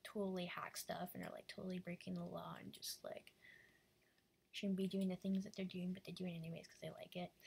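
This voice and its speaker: A woman's voice: fairly low pitch, flat delivery, brisk, gravelly, a little mellow, slight background noise. A woman chatting casually and rambling while she draws live, full of fillers and often dropping into a half-whisper. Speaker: animator drawing live.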